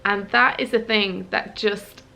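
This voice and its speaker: A woman's voice: medium pitch, fairly even intonation, a little slow, vocal fry, bright, forceful tone, soft background music. A woman sharing a personal vlog in a hesitant, earnest way, often searching for her words. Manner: earnest and heartfelt. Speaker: vlogger.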